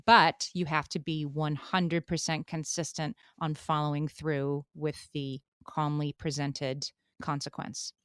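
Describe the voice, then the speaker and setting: A middle-aged woman co-hosting a parenting podcast, telling lively stories and laughing easily in casual chat. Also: sits low, measured pace, few pauses, dry recording, studio quality. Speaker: podcast co-host.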